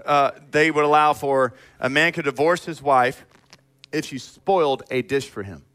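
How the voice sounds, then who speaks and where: High, bright-voiced animated preacher man. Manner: animated and emphatic, acting out people in quick asides; direct, calls out the congregation. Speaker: pastor. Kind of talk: sermon.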